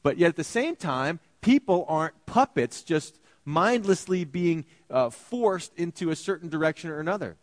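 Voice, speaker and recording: Animated male preacher, dry close sound. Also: moderate pace, few pauses, no echo. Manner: animated, acts out biblical characters with shifting pitch and volume. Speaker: pastor. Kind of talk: sermon.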